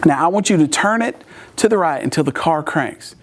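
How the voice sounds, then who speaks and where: A man's voice: on the high side, animated, a little fast, a little hiss or hum. A man giving a sermon-style talk as a church speaker, acting out the people in his story and laughing often as he tells it.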